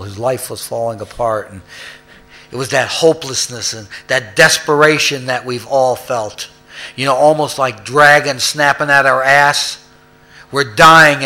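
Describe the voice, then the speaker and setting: A man telling an emphatic story while sharing at a recovery meeting. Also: medium pitch. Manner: emphatic, rising to loud peaks. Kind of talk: personal storytelling share.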